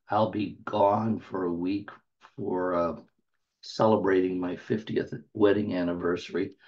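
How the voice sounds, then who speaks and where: A man's voice: sits low, a little mellow. A man in his seventies hosting an open mic, chatting in an easygoing way between poems. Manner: unhurried, gravelly, clears throat. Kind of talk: casual hosting chat. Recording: dull lo-fi audio.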